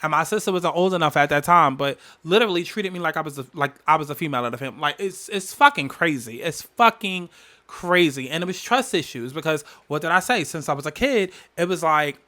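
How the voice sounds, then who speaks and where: Forceful, emphatic man telling his story. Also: on the high side, expressive, a little fast. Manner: emphatic, repeats phrases for weight, heavy swearing. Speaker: podcast host. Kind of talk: candid storytelling monologue.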